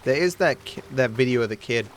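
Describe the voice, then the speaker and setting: A man's voice: medium pitch, lively intonation, brisk, a little hiss or hum. A man streaming a video game, chatting casually and rambling in reply to his chat. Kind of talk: casual livestream chat while gaming.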